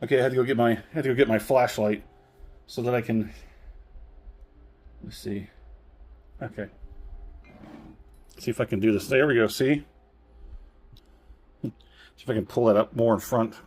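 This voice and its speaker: A man's voice: mid-range voice, fairly even intonation, moderate pace, long pauses, a little mellow, breathy edge. A man reviewing a whisky in a casual, rambling way, often correcting himself and chuckling. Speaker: spirits reviewer.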